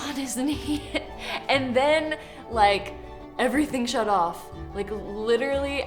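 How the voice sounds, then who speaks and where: A woman telling a story casually and animatedly, full of filler words, with music behind her. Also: on the high side. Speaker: whiskey blender.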